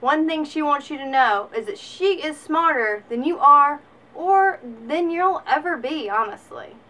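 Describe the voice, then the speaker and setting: A young Alabama woman in her twenties, with a Southern US accent and a high voice, delivers a sarcastic, animated comedic vlog monologue at an unhurried pace.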